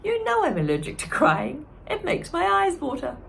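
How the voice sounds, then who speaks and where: A brusque older woman from a storybook, as a woman reads her loud and blunt. Her voice has a gravelly roughness and a lively, swinging pitch. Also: moderate pace, a little hiss or hum. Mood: gruff.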